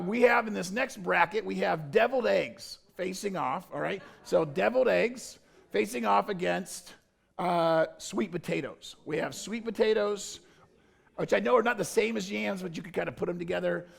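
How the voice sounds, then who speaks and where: A pastor at a church service running a playful, jokey poll with the congregation, calling out to the crowd. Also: male voice, high-pitched, vocal fry. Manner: jokey, energetic, calls out to the crowd. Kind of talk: playful audience poll from the stage.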